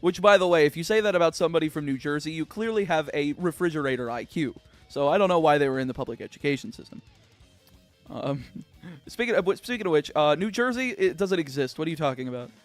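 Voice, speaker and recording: Talking at a quick pace in a fairly high voice, a young American man responds to viewer comments on his game stream. He rambles and is sarcastic, restarting often and leaning on filler words. Soft background music can be heard.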